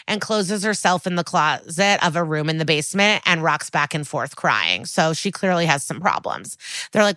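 A woman's voice: fairly low pitch, pushed and bright, dry recording. A woman co-hosting a podcast, casually recapping a TV episode and quoting the characters. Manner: chatty, quotes characters in quick voices, laughs often. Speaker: podcast co-host.

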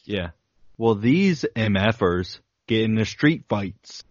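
Slow, low-voiced joking podcast man. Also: animated, dry recording, muffled recording. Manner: joking, laughs often, reads from a list. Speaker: podcast co-host. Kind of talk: casual podcast banter.

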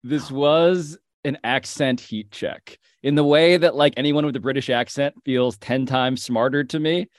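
A man co-hosts a sports podcast, making long, wry observations in casual chat. His pitch sits in a mid range. The recording is close and dry. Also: a little slow, few pauses, dry recording. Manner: wry, wordy commentary. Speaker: podcast co-host.

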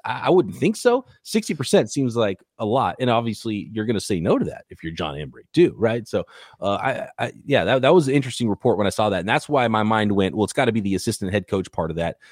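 A man of middle pitch hosts a football podcast, rambling through speculation and restarting his sentences. The recording is dry and close, with no room sound. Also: dry recording. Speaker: podcast host. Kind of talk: casual sports talk.

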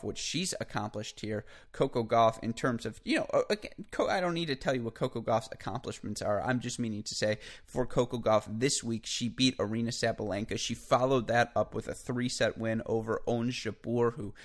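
A man hosting a solo sports podcast, talking energetically in a chatty way with frequent asides and self-corrections. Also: mid-range voice. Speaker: podcast host. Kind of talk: solo tennis podcast monologue.

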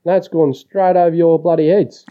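A man's voice: a little high, steady tone, moderate pace. An Australian man leaving a crude, teasing voicemail rant for a podcast, full of swearing. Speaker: voicemail caller. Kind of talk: rowdy profane voicemail rant. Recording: muffled voicemail audio.

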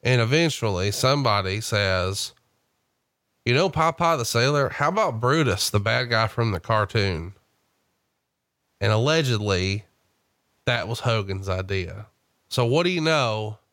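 A man's voice: lowish voice, lively intonation, measured pace, pauses often, fairly bright tone, no room sound, studio quality. A man hosting a podcast, telling stories in a casual, chatty way and prompting his guest. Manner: chatty storyteller who reads out quotes. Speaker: host.

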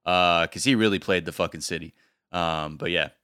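A man's voice: low voice, normal speed, sharp tone, smooth, dry recording, studio quality. Rambling, swearing man. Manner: swears freely, rambling with many likes. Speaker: podcast co-host. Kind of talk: casual chat.

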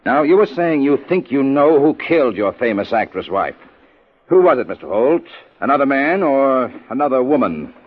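A young, wry police inspector who questions people drily and firmly, his pitch moving lively. The recording is dull and muffled like an old radio broadcast. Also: normal speed. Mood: probing. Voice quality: dry, commanding. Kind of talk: 1950s radio drama acting.

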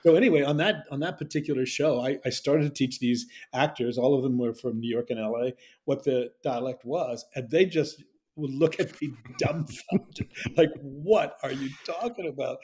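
Dialect coach, a man with a warm, dark tone who tells stories animatedly and plays every quote. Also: mid-range voice, moderate pace. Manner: animated storyteller, acts out quotes. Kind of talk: conversational interview.

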